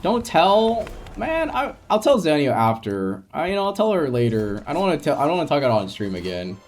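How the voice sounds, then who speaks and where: A young man chats on a live gaming stream in a soft, rambling way, often restarting his sentences. His voice sits in a middle pitch. A faint hiss of background noise runs under the recording. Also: sing-song, quick pace. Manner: rambling and soft-spoken, with frequent restarts and light laughs. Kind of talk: casual live-stream chat while gaming.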